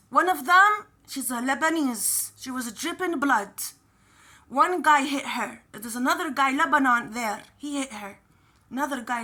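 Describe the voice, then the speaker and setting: A woman's voice: sits high, bright, forceful tone. A woman casually retelling a story, often repeating her phrases.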